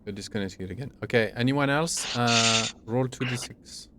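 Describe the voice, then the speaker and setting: A man running a tabletop game as game master over an online call, narrating haltingly with many fillers. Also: medium pitch, very noisy.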